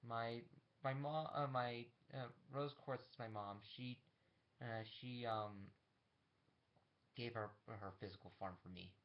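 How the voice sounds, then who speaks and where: A man voicing a gentle, earnest young boy who speaks softly and reassuringly. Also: mid-range voice, steady tone, slow pace, highs cut off.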